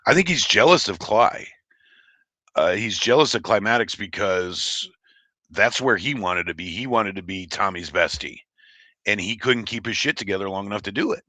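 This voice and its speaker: A man's voice: on the low side, expressive, moderate pace, bright, forceful tone, no echo. A man from Oregon hosting a livestream, chatting casually and reading chat in a rambling, blunt, profane way. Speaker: livestream host.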